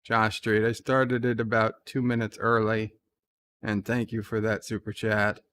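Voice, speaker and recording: A man's voice: little pitch movement, unhurried, a bit bright, clean tone. A man hosting a live stream, chatting casually and reading viewer comments aloud, with a slight New York accent and a dry, offhand manner. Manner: reads chat messages in a raised, livelier voice, then answers in a dry, low aside.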